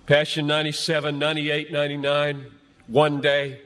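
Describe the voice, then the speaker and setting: A man's voice: fairly high pitch, completely flat delivery, moderate pace, fairly bright tone. A man in his fifties preaching to a large youth gathering, earnest and emphatic, building his points through repetition. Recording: long hall reverb.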